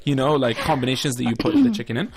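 A teasing man with a bouncy, lively voice, joking with his co-host at a radio studio microphone. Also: medium pitch, rapid-fire, vocal fry, very noisy. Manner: teasing, slangy, laughing often. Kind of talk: casual on-air banter.

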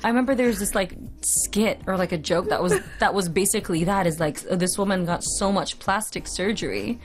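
A woman with a mid-range voice chats casually, playful and ready with jokes. A faint bed of music runs under her. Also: mid-range voice. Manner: playful, quick jokes and asides. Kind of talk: casual chat.

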